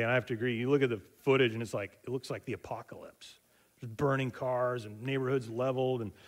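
A middle-aged pastor with a mid-range voice preaches a sermon, telling stories loosely and conversationally with many fillers and restarts. He acts out the voices of the people in his stories as dialogue.

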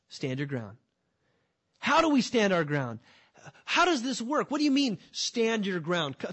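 Emphatic male preacher. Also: on the high side. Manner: energetic, emphatic, rhetorical questions. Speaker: pastor. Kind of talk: sermon.

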